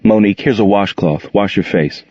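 A man's voice: on the low side, moderate pace, warm tone, no echo, close to an everyday voice. A man doing a terse, resentful young man. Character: angry but controlled young man. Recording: dull, muffled recording.

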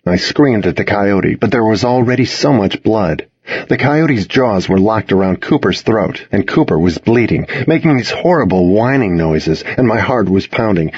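Husky, lively male storyteller. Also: fairly low pitch, normal speed, no room sound, lo-fi sound. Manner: expressive, voices the other characters in his reading. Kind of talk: dramatic first-person story reading.

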